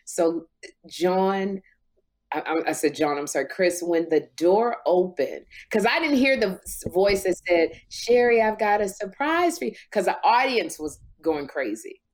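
This is a woman in her fifties hosting a talk show, and she tells her stories with a lot of feeling. Her pitch swings widely, and it leaps up whenever she acts out what someone said. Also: a little slow. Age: 50s. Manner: emotional, lively, big pitch jumps when quoting. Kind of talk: animated storytelling chat.

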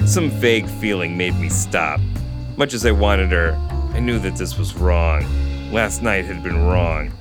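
A man's voice: deep voice, measured pace, over music. A man co-hosting a podcast, reading a novel aloud and joking about it, laughing often. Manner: giggly, playful, laughs often. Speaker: podcast co-host.

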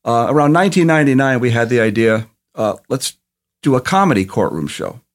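Steady man telling a long story. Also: medium pitch, fairly quick. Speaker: guest, TV producer. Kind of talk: anecdote telling on a podcast.

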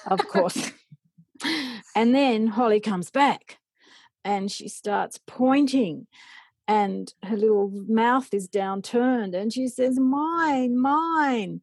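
A middle-aged woman, a parent educator, telling stories in an animated way and acting out remembered dialogue. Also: medium pitch, slow pace, dry recording. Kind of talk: storytelling in a podcast interview.

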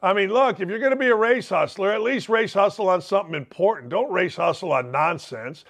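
Male sports talk host, high pitch, brash rambling monologue. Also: fairly quick, fairly bright tone. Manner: brash, rambling, punchy asides.

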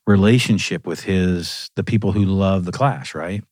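A man with a low, deep voice tells stories in a relaxed, animated way, laughing as he goes. The sound is close and dry, with no room echo. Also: normal speed. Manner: animated storyteller who laughs through his anecdotes. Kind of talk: casual storytelling conversation.

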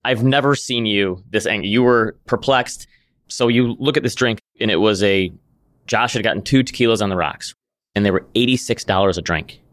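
A man's voice: lowish voice, moderate pace, a bit bright. A man with a Midwestern American accent, co-hosting a podcast and telling a story in casual, amused chat. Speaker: podcast co-host.

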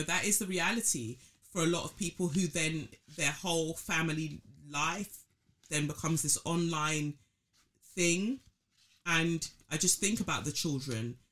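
A woman's voice: sits low, fairly bright tone. A woman hosting a podcast, talking through her thoughts casually with many fillers and restarts. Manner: reflective, thinking aloud with many fillers. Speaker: podcast host. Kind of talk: casual solo commentary.

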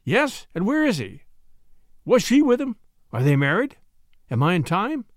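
Flustered elder brother voiced by a man, urgent, breathless, high. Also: wildly swooping pitch, measured pace, dry recording, clean studio sound, heavily acted.

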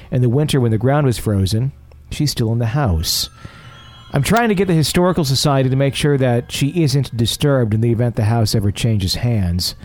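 A man's voice: medium pitch, darkish tone. A middle-aged man hosting a paranormal podcast, chatting casually and reading listener letters with self-deprecating humor. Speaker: podcast host.

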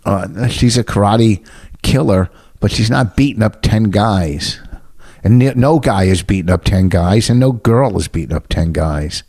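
A man who is a stand-up comedian and podcast host, talking in a rambling, low-key way. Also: unhurried, a little mellow. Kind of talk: casual chat.

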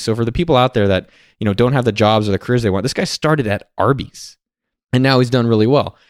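A man telling a story and sharing advice in a casual monologue, animated and acting out the people he quotes. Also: mid-range voice, dry recording, studio quality. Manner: animated, quotes others in lively put-on voices.

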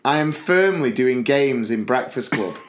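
A man's voice: mid-range voice, animated, a little slow, slight background noise. A man from England co-hosting a podcast in casual chat, telling stories with plenty of laughter and putting on voices when he quotes people. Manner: chatty storyteller, laughs often, puts on voices for quotes. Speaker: podcast co-host.

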